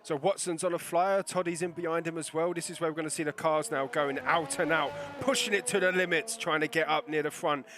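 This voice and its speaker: A man doing live sim racing commentary, excitable and quick to laugh, often reading out the chat. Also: on the high side.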